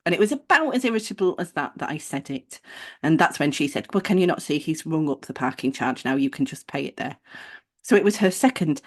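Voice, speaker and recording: A woman co-hosting a podcast, telling a personal story in a casual, animated way and acting out the people she quotes. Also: sits low, fairly quick. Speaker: podcast co-host.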